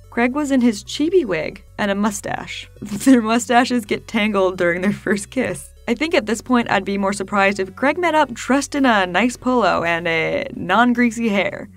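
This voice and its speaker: A woman narrating a documentary with sarcastic, mocking commentary. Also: fairly high pitch. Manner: sarcastic, mocking, laughs through the telling.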